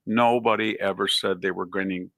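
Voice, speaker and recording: Man, low gravelly voice, measured, explanatory, dry close recording. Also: steady tone, sharp tone, dry recording. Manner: measured, explanatory, lists points. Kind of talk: political commentary.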